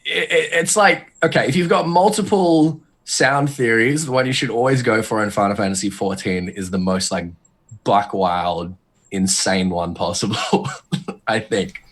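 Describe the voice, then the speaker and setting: A man talking in a casual podcast, rambling with many restarts and getting animated as he speculates. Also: on the low side, unhurried. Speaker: podcast guest.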